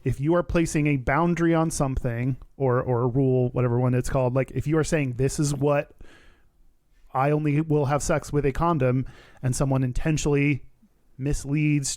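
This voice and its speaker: A man's voice: medium pitch, fairly even intonation, normal speed, a little mellow, no echo. A man co-hosting a podcast in casual chat, explaining his points earnestly. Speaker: podcast co-host.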